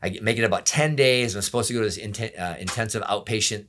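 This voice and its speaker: A middle-aged pastor telling his own story in an interview, candid and often quiet, acting out the voices of people around him. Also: fairly low pitch, quick pace. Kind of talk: personal testimony interview.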